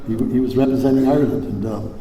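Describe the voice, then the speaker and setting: A man's voice: medium pitch, steady tone, quick pace, warm tone, slight background noise. An older man from Hawaii speaking at a recovery convention, rambling with many fillers and restarts and some salty language. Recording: echoey hall, faint ambience.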